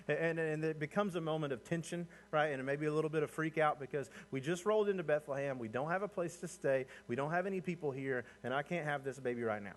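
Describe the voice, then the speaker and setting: A man's voice: quick pace, hardly any pauses. A man preaching a sermon in a conversational, storytelling way, often asking the listeners to imagine the scene. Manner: conversational, rising in pitch and energy as he builds points. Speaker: pastor.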